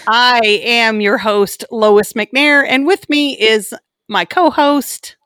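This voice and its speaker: A woman hosting a podcast in casual chat, playful and bubbly, with quick asides to her co-host. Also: on the high side, fairly bright tone, smooth, no echo, clean studio sound.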